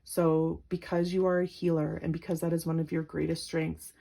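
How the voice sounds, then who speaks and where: A woman doing a pick-a-card tarot reading to her viewers, gentle and emotional, with lots of filler words. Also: low-pitched, level tone, normal speed, vocal fry. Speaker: tarot reader.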